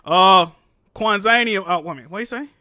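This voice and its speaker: A man's voice: high-pitched, a little fast, bright, forceful tone, dry recording, clean studio sound. A young man hosting a casual livestream, reading donations and talking with slang, swearing and laughter. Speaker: livestream host.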